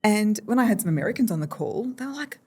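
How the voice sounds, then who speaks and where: A woman's voice: mid-range voice, fast talker, husky. An Australian woman in a casual podcast interview, speaking as a voice coach and telling stories with playful shifts in her voice. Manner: animated storyteller, playful vocal shifts. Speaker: voice coach guest.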